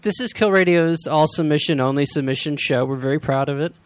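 A man's voice: a little high, a little fast, smooth, dry recording. A man co-hosting a community radio music show, wry and sardonic, laughing as he riffs on the news. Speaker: radio co-host. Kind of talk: casual radio banter.

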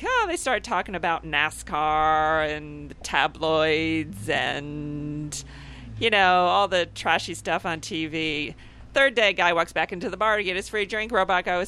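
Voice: medium pitch, a little slow, smooth, rough recording. A speaker casually and eagerly telling a robot-bartender bar joke in a chat. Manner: lively, restarts eagerly.

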